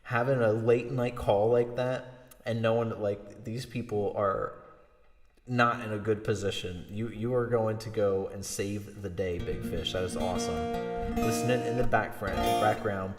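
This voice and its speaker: A man's voice: fairly low pitch, fairly even intonation. Rambling man chatting on a livestream. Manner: rambling, chuckling, quick asides. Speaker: livestream host and musician. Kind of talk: casual livestream chat. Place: home room. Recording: roomy reverb, guitar music.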